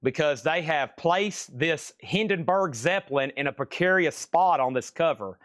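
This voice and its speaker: A man hosts a live-streamed record sale, calling out bids and prices with a playful, joking patter. His voice sits fairly high and sounds dry and close to the mic. He repeats items and prices for emphasis. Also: animated, normal speed, hardly any pauses, fairly bright tone, no echo.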